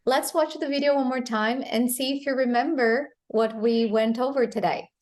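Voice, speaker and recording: A woman English teacher explaining pronunciation, repeating model phrases slowly and clearly. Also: a little high, fairly even intonation, a little mellow. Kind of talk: pronunciation lesson.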